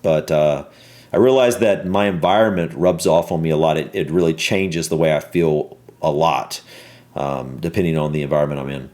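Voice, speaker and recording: A man with a Southern American accent, reacting to a video in casual, rambling commentary full of pauses and ums. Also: extremely low pitch, a little mellow. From Southern United States. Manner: rambling, halting with many ums.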